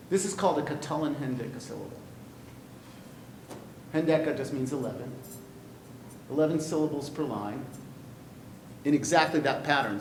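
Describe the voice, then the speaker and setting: A man teaching a poetry class, animated and playful, often breaking off mid-thought. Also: a little slow, long pauses. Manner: animated, playful, self-interrupting. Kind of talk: classroom lecture. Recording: echoey classroom with faint rumble.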